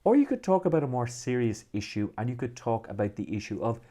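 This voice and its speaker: A man with an Irish accent presenting a marketing tutorial video with lively, swooping emphasis. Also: mid-range voice, fast talker.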